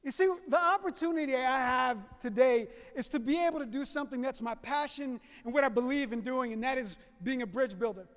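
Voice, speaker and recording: Keynote speaker: young adult man, folksy and warm to the crowd; very high pitch, live hall reverb. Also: brisk, few pauses. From Southeast Louisiana. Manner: folksy, addresses audience as y'all. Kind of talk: storytelling keynote speech.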